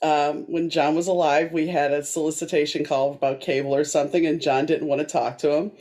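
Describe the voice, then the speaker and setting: Woman host, deep husky voice, easygoing and rambling, casual chat. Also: little pitch movement, a little fast, a little mellow. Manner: chatty and rambling, with fillers. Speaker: podcast host.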